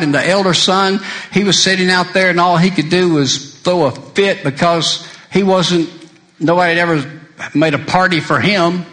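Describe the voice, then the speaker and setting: A male preacher delivering a sermon, shifting between loud emphasis and quiet intensity and quoting scripture in old-fashioned wording. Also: sits high.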